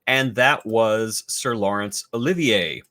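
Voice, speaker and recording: A man hosting a casual film review chat, easygoing and filling pauses with "uh" and "you know". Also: on the low side, sharp tone. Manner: easygoing, drawn-out with fillers. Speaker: podcast host.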